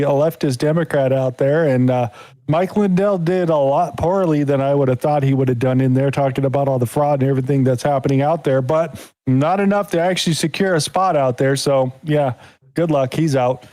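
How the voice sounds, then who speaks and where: A man's voice: fairly high pitch, mellow, no echo, rough recording. A man hosting a live podcast, talking politics in a rambling, casual way with lots of fillers. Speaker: podcast host.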